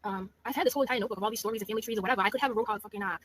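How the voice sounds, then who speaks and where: A woman's voice: medium pitch, racing, a bit bright, husky, no room sound. A woman hosting a gossip livestream, talking casually and mockingly with laughs. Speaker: livestream host.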